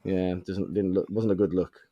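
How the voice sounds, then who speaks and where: A man's voice: low-pitched, little pitch movement, moderate pace, no room sound, muffled recording. A young man from the of England, chatting casually and telling rambling stories with plenty of swearing. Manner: rambling storyteller, swears freely. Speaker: podcast host. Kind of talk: casual chat.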